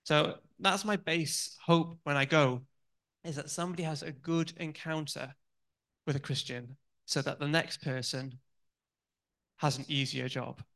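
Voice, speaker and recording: Bright-voiced chatty preacher man. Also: a little high, steady tone, a little slow. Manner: chatty and candid, many "um"s and restarts. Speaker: church speaker. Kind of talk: sermon with personal stories.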